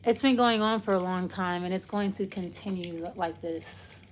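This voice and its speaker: A woman's voice: on the low side, moderate pace, slight background noise. A woman giving a casual, loose tarot reading, rambling and trailing off as she talks it through. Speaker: tarot reader.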